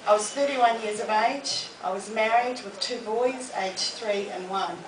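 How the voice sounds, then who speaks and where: A woman, giving a lively, humorous motivational talk to a live audience in a library. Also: mid-range voice, unhurried. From New Zealand. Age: 40s. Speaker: motivational speaker. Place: public library hall. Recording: echoey room, distant mic, noisy.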